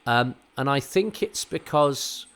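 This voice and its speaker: With an English RP accent, a podcast host gives chatty, digressive watch-along commentary, often poking fun at himself. His mid-range voice is animated, slow, a bit bright, and clean in tone.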